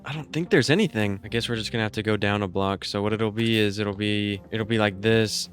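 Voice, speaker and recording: A young man talks through his gameplay in a casual, excitable way, mocking himself as he goes. His voice sits fairly low for a man, and he thinks aloud while he works things out. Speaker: gaming YouTuber.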